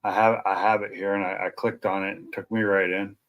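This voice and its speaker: A man's voice: lowish voice, little pitch movement, fairly quick, fairly bright tone. Male stream host, casual home chat, easygoing and self-deprecating, mid-range voice. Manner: rambling, chatty, self-deprecating. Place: at home at night.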